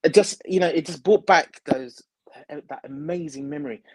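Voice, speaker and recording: A man, a perfumer, telling a story in an interview, halting with many fillers and restarts. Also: fairly high pitch, low-quality recording.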